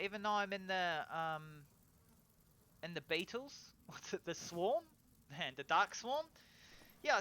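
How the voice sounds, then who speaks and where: A man narrating his own gameplay in a casual voiceover, excitable and swearing, breaking into loud cheers over kills. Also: fairly high pitch. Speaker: gameplay commentator.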